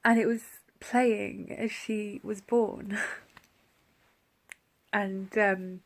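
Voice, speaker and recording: Soft-spoken woman with a gravelly edge. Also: medium pitch, fairly even intonation, very slow. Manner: soft-spoken, often drops to a whisper; heartfelt, tender. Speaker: vlogger. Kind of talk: personal vlog, reflective storytelling.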